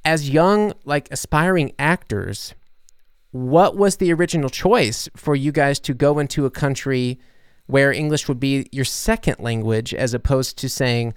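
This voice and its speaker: A man's voice: medium pitch, a little slow, clean tone, dry recording, studio quality. A man interviewing guests over a video call, asking long rambling questions full of fillers and restarts.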